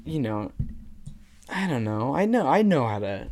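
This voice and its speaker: A young man chatting casually as a podcast co-host, an animated storyteller who fills his talk with slang and "like". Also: medium pitch, a little slow. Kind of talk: casual chat.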